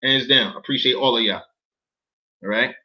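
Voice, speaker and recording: A man's voice: mid-range voice, normal speed, muffled recording. A man reading documents aloud in casual commentary to viewers, incredulous and profane, often stopping to ask them questions.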